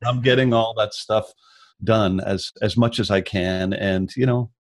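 A man from Canada, a musician guest, chatting in a relaxed, rambling way over a video call. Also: lowish voice, a little slow. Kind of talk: casual remote chat.

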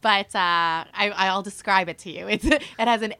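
A woman with a bright, ringing voice and mid-range pitch. She is a guest sharing cheerleading stories, chatty and animated, full of "um" and "like" and quick restarts. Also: clear, resonant tone, dry recording. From Canada. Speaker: guest, former pro football cheerleader. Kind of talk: casual chat, storytelling.

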